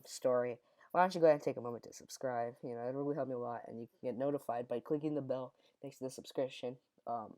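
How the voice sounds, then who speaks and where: A man's voice: mid-range voice, mellow. A young man telling a childhood story in a casual, rambling way, often correcting himself mid-sentence. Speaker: storyteller vlogger.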